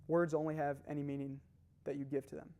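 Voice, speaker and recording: A young motivational speaker runs a live seminar, talking fast with an animated, laughing energy. His voice is slightly higher than most men's, and he keeps firing questions at the audience.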